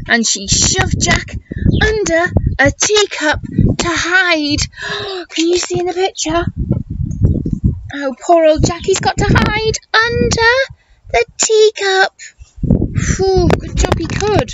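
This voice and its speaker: A teacher reading a picture book aloud to children in an animated way, gasping and asking questions. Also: female voice, very high voice, slow, long pauses. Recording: muffled recording with hiss.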